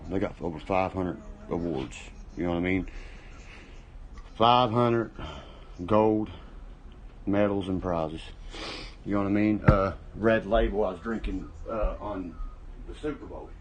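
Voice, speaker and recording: Deep-voiced profane man. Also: fairly even intonation, moderate pace, darkish tone, a little hiss or hum, rough recording. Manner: profane, boastful, rambling; drinking while talking. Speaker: livestream host. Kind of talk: casual livestream chat.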